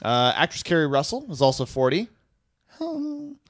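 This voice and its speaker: A goofy man podcast host who reads out his segments with hesitant fillers. His lively voice bounces up and down. He cracks himself up along the way. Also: a little high, moderate pace, dry recording, clean studio sound. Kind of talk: casual podcast, reading segments.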